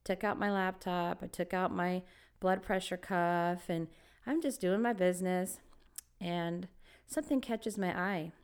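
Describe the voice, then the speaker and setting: A woman co-hosting a podcast, telling a story in a lively, casual way and laughing often. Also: on the low side, unhurried, clear, resonant tone. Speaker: podcast co-host.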